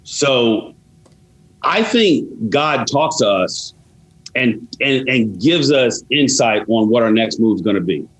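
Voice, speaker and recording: Husky-voiced man, podcast guest. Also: medium pitch, animated, slow pace, a bit bright, low-quality recording. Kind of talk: casual podcast interview.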